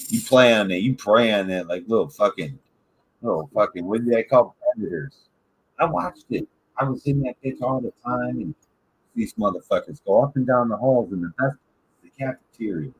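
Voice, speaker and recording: A man's voice: on the low side, normal speed, husky, low-quality recording. Profane rambling man telling stories. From Michigan. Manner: profane, rambling, animated storytelling. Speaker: podcast host. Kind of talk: casual storytelling chat.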